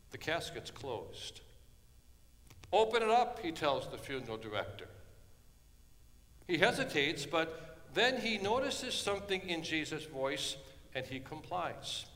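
A man preaching a sermon, telling a story dramatically and dropping from hushed tones to loud ones. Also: on the high side. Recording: long hall reverb.

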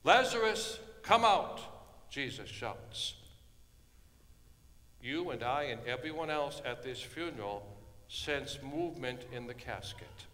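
A man preaching a sermon, telling a story dramatically and dropping from hushed tones to loud ones. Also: mid-range voice, slow, long pauses. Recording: long hall reverb.

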